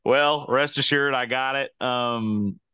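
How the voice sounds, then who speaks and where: A man with a smooth, resonant voice chats casually as a show co-host, wandering through his stories with lots of restarts and side comments. His voice is recorded dry and close, with no room sound at all. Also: medium pitch, fairly even intonation, slow pace, sharp tone, no echo. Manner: rambling, self-interrupting storyteller. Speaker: podcast co-host. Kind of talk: casual chat.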